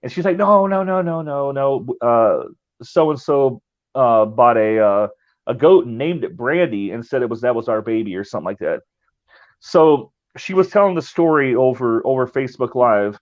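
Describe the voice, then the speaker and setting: A man's voice: medium pitch, lively intonation, moderate pace, lo-fi sound. A man telling a ghost-hunting story in casual podcast chat, with lots of restarts and quoted dialogue. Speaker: paranormal investigator guest.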